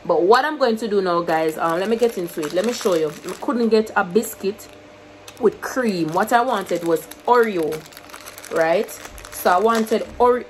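A woman's voice: medium pitch, moderate pace, slight background noise, rough recording. A young woman with a Jamaican accent chatting casually to her camera, mixing English with patois and laughing often. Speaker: YouTuber. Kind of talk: casual vlog chat to camera.

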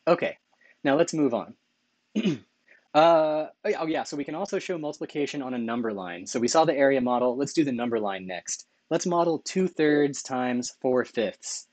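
A man's voice: medium pitch, dry recording. Enthusiastic male math lecturer, dry close sound. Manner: enthusiastic, self-correcting, asks rhetorical questions with "right?". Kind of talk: recorded lecture over slides.

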